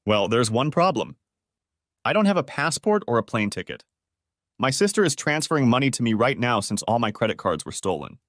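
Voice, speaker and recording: A man's voice: medium pitch, sing-song, a little fast, fairly bright tone, no room sound, studio quality. A man reading as a pleading unfaithful wife. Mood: coaxing. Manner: pleading, tearful. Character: desperate cheating young wife, pleading.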